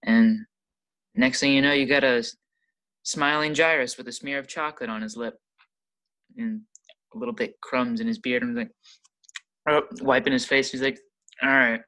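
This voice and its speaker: An excitable player in a tabletop role-playing game. The talk rambles, with lots of fillers, between in-character and out-of-character remarks. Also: medium pitch, moderate pace, long pauses. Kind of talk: casual tabletop role-play.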